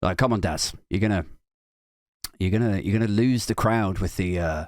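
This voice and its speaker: A man's voice: sits low, moderate pace, darkish tone, no room sound, studio quality. A man hosting a comedy podcast, ranting satirically in a mocking tone, swearing, often breaking into laughter. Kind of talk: satirical rant.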